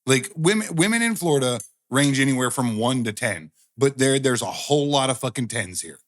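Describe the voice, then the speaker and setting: A man's voice: medium pitch, expressive, a little fast. A man co-hosting a podcast in casual crude banter, swearing and cracking jokes, often breaking into laughter. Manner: profane, joking, breaks into laughter. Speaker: podcast co-host.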